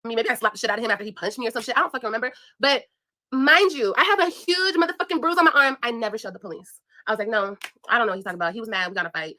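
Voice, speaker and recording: Speaking very fast, a young woman with a slightly high, bright and forceful voice recounts a personal story for her viewers. She's a vlogger, and she keeps it casual, emphatic, blunt and profane while addressing them directly.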